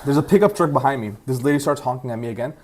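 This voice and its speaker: A man's voice: medium pitch, rapid-fire, slight background noise. A young man co-hosting a podcast, rambling through a story in casual chat, full of "like". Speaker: podcast co-host.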